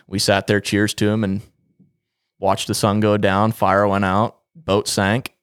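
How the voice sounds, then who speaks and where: A man with a lowish voice tells a drawn-out comic story on a podcast, swearing freely. The sound is dry and close, with no room around it. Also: completely flat delivery, clean tone, dry recording. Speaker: podcast co-host. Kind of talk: casual storytelling chat.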